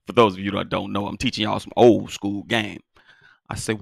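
A man's voice: on the low side, level tone, moderate pace, gravelly, no echo. A man giving parenting advice in a casual monologue, emphatic and folksy, repeating phrases for stress. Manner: folksy, talks straight to viewers.

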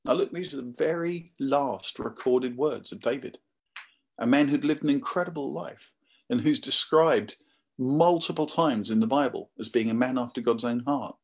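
A man preaching a sermon in a conversational, animated storytelling manner. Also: mid-range voice, normal speed, breathy edge.

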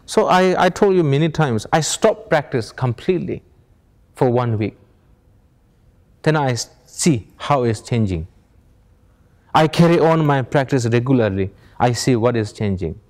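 A man's voice: mid-range voice, darkish tone. A man giving an informal meditation teaching in plain non-native English, asking rhetorical questions and chuckling as he tells stories. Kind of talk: informal spiritual teaching to an audience.

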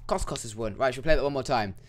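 A young man giving casual, excitable gameplay commentary that swings into loud, frustrated yelps. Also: mid-range voice, racing. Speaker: gaming YouTuber.

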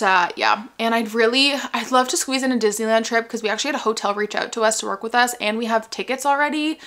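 A woman's voice: medium pitch, a bit bright. A young woman from Canada chatting casually in a home vlog, full of "like" and "um", a little out of breath. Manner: chatty, lots of fillers like "like" and "um". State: a bit out of breath. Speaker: vlogger.

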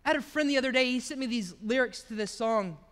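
A man preaches in a relaxed, storytelling way, his voice pitched very high and bright. The sound carries the long reverb of a church hall. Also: fast. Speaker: pastor. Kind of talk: sermon.

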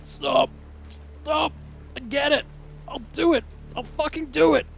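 A man voicing a panicked middle-aged male executive who swears and begs for mercy in a frantic, high-pitched shout. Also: steady tone, unhurried, creaky, soft background music, heavily acted.

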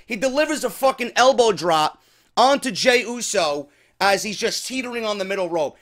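A man with a fairly high voice reviews a wrestling show in a loose, profane rant. He sounds exasperated and often mocks what he describes. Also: animated, moderate pace, fairly bright tone. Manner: exasperated, profane, mocking impressions.

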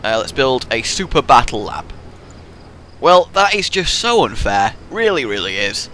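A man giving live gameplay commentary with excitable, swearing trash talk. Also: mid-range voice, a little slow, slight background noise. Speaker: gaming video host.

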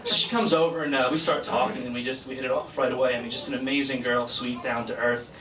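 A man's voice: medium pitch, steady tone, quick pace, crowd noise. A man giving a personal speech at a graduation ceremony, telling an earnest, chatty story and laughing along the way. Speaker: guest speaker, flight crew member. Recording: distant mic in echoey hall, noisy.

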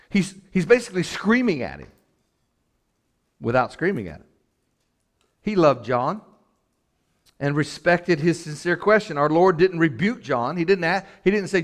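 A man preaching a church sermon with rising passion, asking the congregation direct questions and then dropping to a soft, slow voice. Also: on the high side, big pitch swings. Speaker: pastor.

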